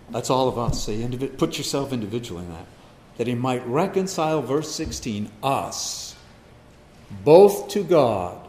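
A man preaching an expository sermon, emphatic, swinging between loud stress and hushed asides. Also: mid-range voice. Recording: echoey hall, long reverb.

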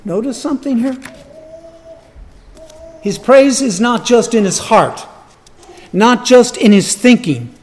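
A man's voice: very high-pitched, expressive, slow, long pauses. A man preaching a sermon, emphatic and repeating his key phrases. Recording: long hall reverb.

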